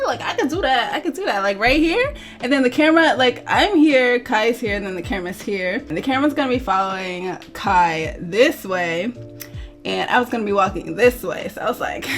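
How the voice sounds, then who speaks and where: A young woman model telling a storytime vlog in a chatty, animated way, full of "like" fillers and acted-out quotes. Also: mid-range voice.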